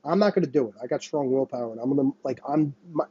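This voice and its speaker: A man's voice: mid-range voice, fast talker, warm tone, breathy edge, dry recording, dull audio. A young man hosting a solo podcast, ranting in a heated, sarcastic and profane way. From United States. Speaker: podcast host.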